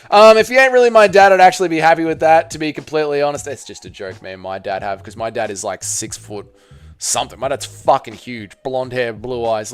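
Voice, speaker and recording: An Australian man hosting a casual live stream, reading out chat messages, swearing freely and bantering with viewers. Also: medium pitch. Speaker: livestream host reading chat.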